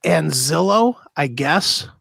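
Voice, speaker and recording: A man's voice: a little high, lively intonation, slow pace, creaky, a bit bright, husky, no room sound. A man co-hosting a podcast, telling a rambling story in casual chat and mimicking the people he quotes. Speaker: podcast co-host.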